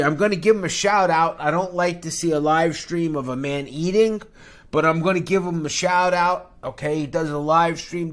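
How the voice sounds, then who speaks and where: A man's voice: fairly high pitch, a bit bright. A middle-aged man hosting a finance channel, talking in a brash, jokey, rambling podcast style that jumps between topics.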